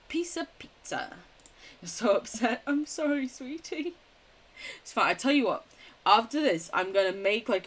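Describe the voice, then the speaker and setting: Reading in-game text out loud, a young woman from the United Kingdom streams and chats casually with her audience in between, full of giggles and offhand swearing. She has a medium-pitched, fairly bright voice.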